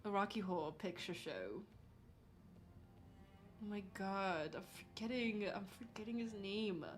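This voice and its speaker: A woman's voice: medium pitch, expressive, unhurried, faint music behind. A young woman streaming, chatting casually and reading chat aloud, saying "like" a lot and laughing often.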